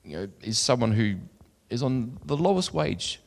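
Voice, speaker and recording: A man's voice: medium pitch, sing-song, moderate pace, vocal fry. A man giving a sermon, earnest as he reads scripture aloud and chatty in his asides. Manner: conversational asides with fillers. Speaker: preacher. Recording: long hall reverb.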